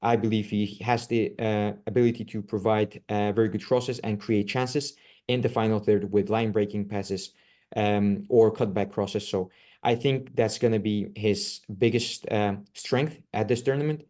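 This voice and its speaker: A man with a low, mellow voice breaks down players for a football podcast. He speaks earnestly but haltingly, pausing on filler sounds as he builds his points. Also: steady tone. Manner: hesitant, many filler uhs, earnest. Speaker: podcast co-host. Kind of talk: casual football analysis.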